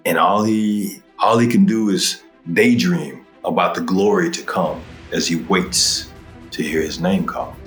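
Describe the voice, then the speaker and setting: A man playing a tabletop game, deliberately narrating what his character feels. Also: low voice, soft background music. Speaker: player. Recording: roomy echo.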